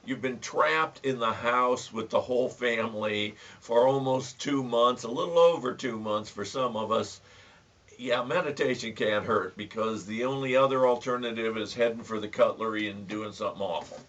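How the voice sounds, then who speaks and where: A man's voice: mid-range voice, moderate pace, a bit bright. A man hosting a casual home video, giving folksy tips and telling a joke with dry humor and stammered restarts. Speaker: host. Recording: distant, dull lo-fi sound.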